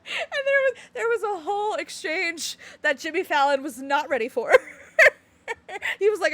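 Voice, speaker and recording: A woman streaming a game, chatting casually and reading its text aloud with frequent giggles. Her voice sits fairly high and swings widely in pitch. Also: very animated, fairly quick, dry recording. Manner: chatty, giggly, laughs often.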